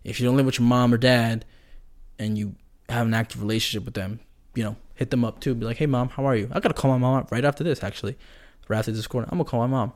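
A man's voice: mid-range voice, steady tone, fast talker. A man hosting a casual solo podcast, rambling and joking in a slangy way. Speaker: podcast host.

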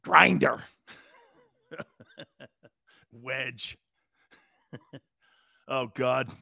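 A man's voice: high voice, expressive, moderate pace, bright, forceful tone, no room sound. A man hosting a sports talk show, riffing casually, reading comments aloud and laughing often. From East Coast US. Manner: brash, jokey, reads chat comments aloud and laughs often.

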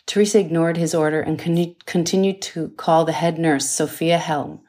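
Audiobook: author reads her thriller, low-ish female voice, measured and dramatic. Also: fairly even intonation, dark tone. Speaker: author reading her novel. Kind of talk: audiobook narration.

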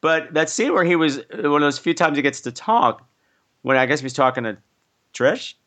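A man hosting a casual, joking movie-review podcast, animated and quick to laugh. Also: on the high side. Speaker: podcast host.

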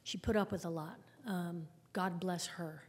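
A woman's voice: on the low side, fairly even intonation, a little slow, slightly rough. Woman sharing her recovery story in a hall. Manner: candid, conversational, wry storytelling with frequent laughs. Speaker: speaker at a recovery meeting. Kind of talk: personal recovery story told to a group. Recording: long hall reverb.

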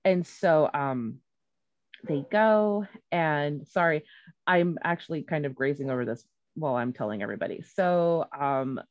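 A woman with a fairly low voice retells a story in loose, casual chat, piling on fillers, restarts and swear words. The recording is dry and a little dull. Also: lively intonation, unhurried, dry recording. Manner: rambling and profane, with many fillers and restarts.

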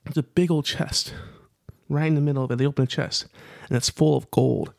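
Gravelly man telling a rambling story. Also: a little high, steady tone, a little fast, a little mellow, dry recording, clean studio sound. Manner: rambling, filler-heavy telling with repeated phrases. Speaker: podcast co-host. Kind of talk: casual storytelling.

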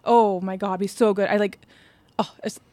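A woman's voice: mid-range voice, steady tone, fast, warm tone, no room sound. A woman co-hosting a podcast, casually retelling a true-crime case from her notes, laughing often and swearing offhandedly. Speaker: podcast co-host.

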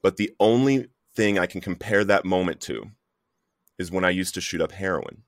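A man's voice: low-pitched, normal speed, dry recording, studio quality. A man giving an earnest, emotional personal testimony in conversation, often calling the listener "bro". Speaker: guest sharing recovery story.

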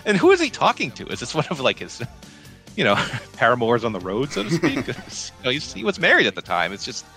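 A man's voice: mid-range voice, huge pitch swings, a little fast, pushed and bright, faint music behind. A man co-hosting a podcast, talking casually in a wry, incredulous way and laughing often. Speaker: podcast co-host. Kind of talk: casual review chat.

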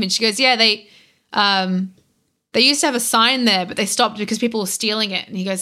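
A young Australian woman chatting casually on a podcast, animated and laughing, acting out characters' lines as she retells a game. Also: mid-range voice, fairly quick. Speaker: podcast guest.

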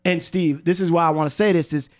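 High-voiced man hosting a podcast. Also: steady tone, fast. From United States. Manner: interjects, then lectures at length. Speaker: podcast host. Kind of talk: casual chat.

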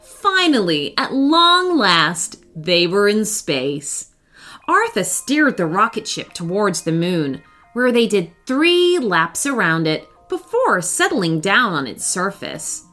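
Slow, sing-song woman storyteller. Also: mid-range voice, big pitch swings, bright, forceful tone, soft background music. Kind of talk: children's bedtime story narration.

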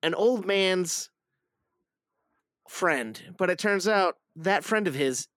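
Joking, animated male podcast host. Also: sits high, takes it slowly, dry recording. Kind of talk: casual chat.

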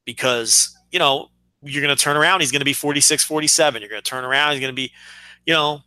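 A man's voice: fairly high pitch, fast, pushed and bright, dry recording. A man co-hosting a wrestling podcast, talking casually and repeating words as he gathers his thoughts. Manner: rambling, repeats words while thinking. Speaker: podcast co-host. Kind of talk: casual chat.

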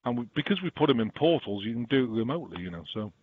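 A man from England, a spiritual healer guest, rambling through fast casual explanations peppered with "you know" over a remote call. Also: mid-range voice, big pitch swings, a little hiss or hum. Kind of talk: casual chat. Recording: tinny phone-like remote call line.

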